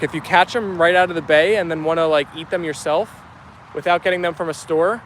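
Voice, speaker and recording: Young man from New Jersey, New York Italian accent, high voice, upbeat and chatty, faint traffic outdoors. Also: lively intonation, brisk, fairly bright tone. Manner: chatty, upbeat, many fillers. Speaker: vlogger reading live chat. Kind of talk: casual chat reading comments aloud.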